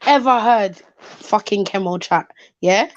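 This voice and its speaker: Lively woman, muffled stream audio. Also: medium pitch, unhurried, no echo. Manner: swearing, laughing storyteller. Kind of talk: casual banter.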